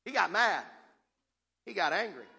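High, animated preacher in a reverberant hall. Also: male voice, a little slow, vocal fry. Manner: dynamic call-and-response preaching, swinging between soft and shouted. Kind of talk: sermon. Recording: long reverb of a large hall.

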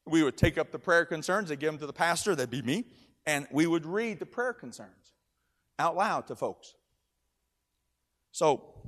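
A middle-aged man preaching a sermon as a pastor, telling a story with many repeated words and building to loud emphatic shouts. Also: on the high side, expressive, normal speed, long pauses. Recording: long reverb of a large hall.

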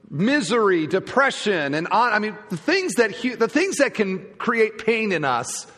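Male pastor, sermon, lively pitch swings, slightly high voice, long church reverb. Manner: emphatic, asks the congregation rhetorical questions. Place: church sanctuary.

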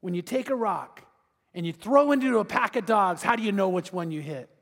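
A pastor doing a laid-back young surfer dude. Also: male voice, high-pitched, animated, fairly quick, fairly bright tone, big-room sound, exaggerated voice. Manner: surfer-dude slang, easygoing.

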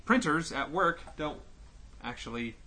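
A man's voice: on the high side, expressive, a little slow, pushed and bright. A man co-hosting a podcast in casual chat, reading a listener's email aloud with jokes and small stumbles. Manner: chatty, joking, stumbles over words while reading. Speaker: podcast co-host.

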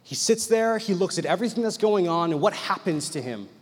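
A man's voice: high-pitched, expressive, fairly quick, slightly rough, in a large hall. A man preaching a sermon, telling a story with animation and acting out the people in it.

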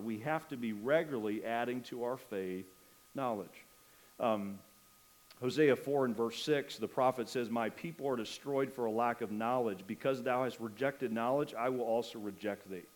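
A man's voice: mid-range voice, normal speed, darkish tone, rough recording. A man preaches a sermon as pastor, speaking into a microphone in a church. He presses his points with emphatic rising questions and repeated words. Now and then he eases off with a light, joking aside.

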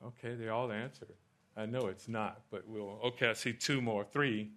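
A man preaching and answering questions in a church Q&A, animated and rising loud at points of emphasis. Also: on the low side, normal speed. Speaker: pastor. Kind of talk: sermon Q&A.

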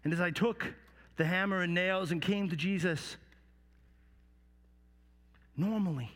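A man's voice: high voice, long reverb tail. A man narrating as a remorseful Roman soldier. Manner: storytelling with hushed dips and halting repeats. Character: remorseful Roman soldier telling his story. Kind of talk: dramatic first-person monologue.

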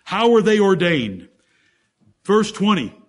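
A man's voice: high voice, sing-song, slow pace. A man preaching a sermon, teaching through Bible verses one by one in an emphatic way and asking the congregation rhetorical questions.

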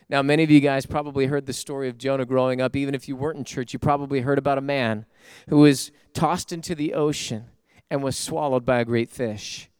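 An emphatic male preacher delivering a sermon, his fairly high voice rising into loud bursts and then dropping soft. The sound is dry and close, with no room echo. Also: clean tone. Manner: addresses listeners at home. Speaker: pastor.

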